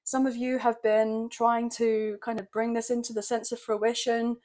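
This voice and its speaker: A tarot reader with a fairly high, slightly croaky voice speaks at a normal speed with a flat delivery. She's gentle, chatty and emotional, often checking in with viewers by saying "okay, guys".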